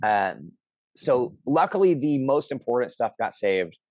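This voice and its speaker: A middle-aged man telling a personal story in casual conversation, animated and shouting out the lines he quotes. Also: medium pitch, measured pace, dry recording. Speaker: interview guest.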